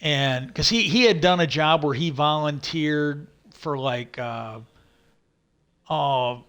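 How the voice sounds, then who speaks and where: A man casually retelling a story as a livestream host, rambling and halting, with many "he goes" and filler words. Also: fairly high pitch, a bit bright, clean tone.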